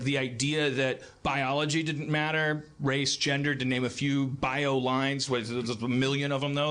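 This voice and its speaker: A man in his forties hosting a live comedy podcast, rambling through a monologue with frequent restarts and shrill mocking impressions. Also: a bit bright. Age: 40s. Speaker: podcast host. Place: live venue stage.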